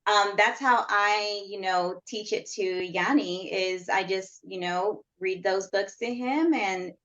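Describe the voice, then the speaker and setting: A woman co-hosting a podcast interview, speaking in a halting, hesitant way. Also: mid-range voice, a bit bright, dull audio.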